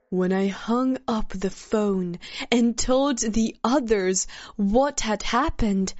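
Woman, storyteller, scripted narration, very slow, measured, earnest, dry dull recording. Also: on the high side, darkish tone, no room sound.

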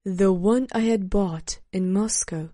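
A woman slowly narrating a first-person memoir in a measured storytelling manner. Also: medium pitch, dark tone, dry recording, clean studio sound.

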